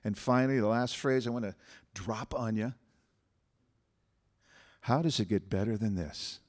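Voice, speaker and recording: A man giving a spiritual talk as a guest speaker, leading the group in repeated affirmations said slowly and with emphasis. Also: fairly low pitch.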